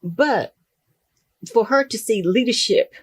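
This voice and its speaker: An older woman, a guest in an interview, telling stories in a relaxed conversational way and acting out the lines she quotes. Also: a little high, takes it slowly, husky, no echo. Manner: warm storytelling, acts out quoted dialogue.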